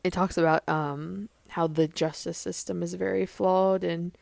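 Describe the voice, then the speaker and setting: A woman's voice: on the low side, steady tone, unhurried, vocal fry, darkish tone, no room sound. A young woman hosting her own podcast, talking casually and rambling with many fillers and restarts. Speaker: podcast host. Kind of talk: casual solo podcast chat.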